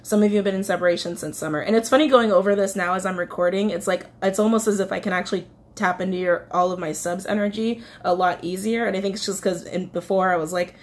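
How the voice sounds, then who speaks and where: A woman's voice: mid-range voice, fairly even intonation, quick pace, hardly any pauses. A woman giving a casual tarot reading to her viewers, chatty and rambling, with many fillers and self-corrections, getting emotional as she talks. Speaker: tarot reader.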